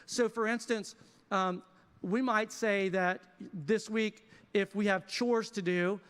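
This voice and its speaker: A man pastor preaching a sermon in a lively, conversational way with casual asides. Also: high voice, takes it slowly, smooth. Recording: reverberant church hall.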